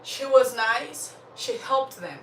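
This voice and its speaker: Animated woman telling a faith story. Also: a little high, slow pace, reverberant, recorded from a distance, slight background noise, poor audio. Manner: animated, laughs often, talks straight to listeners. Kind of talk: faith-based storytelling with life lessons.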